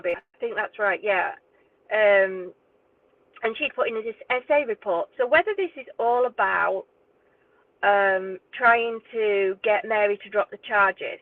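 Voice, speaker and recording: A woman with a voice on the high side launches into an indignant direct-to-camera rant as a true crime YouTuber, exasperated and swearing. Her audio is tinny and phone-like. It's dry, with no room sound.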